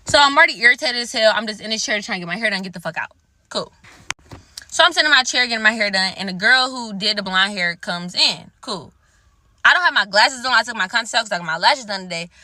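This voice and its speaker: A woman's voice: mid-range voice, expressive, quick pace, bright, forceful tone, no echo. A woman telling a story time to her viewers, heated and full of swearing. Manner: heated, profane and emphatic. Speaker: vlogger.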